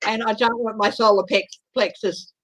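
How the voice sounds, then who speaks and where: A woman hosting a casual chat, talking in an animated, chatty way. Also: on the high side, normal speed, no echo, poor audio. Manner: animated, chatty, breaks into voices and laughter. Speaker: host.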